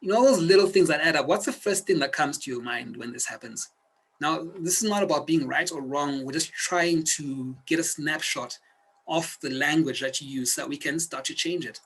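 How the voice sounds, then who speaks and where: A man's voice: fairly high pitch, moderate pace, fairly bright tone, slight background noise, low-quality recording. A man teaching a self-help video lesson, speaking earnestly and directly to the viewer like a coach. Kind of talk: instructional video talk.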